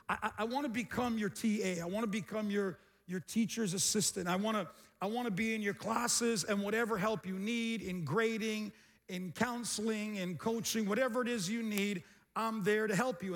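Male pastor, high voice, lively call-and-response sermon, middle-aged. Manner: energetic, repetitive call-and-response preaching.

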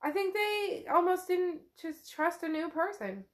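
A woman co-hosting a book podcast retells the chapter in a loose, chatty way, laughing often and swearing now and then. Her voice is very high and a little slow.

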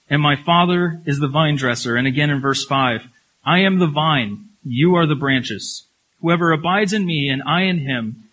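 Emphatic preacher man, slightly high voice. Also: bright, forceful tone, low-quality recording. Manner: emphatic, repeats key phrases, asks rhetorical questions; slows down when reading scripture. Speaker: pastor. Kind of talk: sermon.

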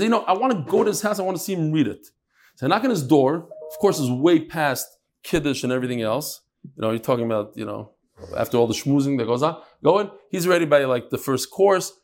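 A man's voice: medium pitch, slight background noise. A man giving a casual daily Talmud class, chatty, with frequent Yiddish and Hebrew terms. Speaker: Talmud teacher.

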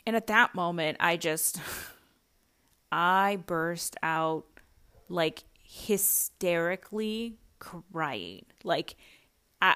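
A young woman talks through a personal story for her podcast, with a slightly low voice. She is chatty and casual, full of fillers and quick little laughs. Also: fairly bright tone. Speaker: podcast host.

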